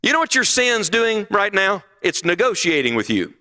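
A man's voice: high voice, big pitch swings, unhurried, pauses often, pushed and bright. A middle-aged man preaching a sermon at a conference, emphatic and full of rhetorical questions.

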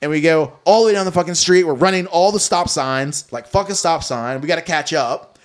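A young man spins a long, foul-mouthed story among friends. His voice sits a little high, and he talks in a loose, animated way, stumbling over restarts and stacking up "like"s. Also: fairly quick. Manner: animated, profane, many likes and restarts. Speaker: guest telling a story.

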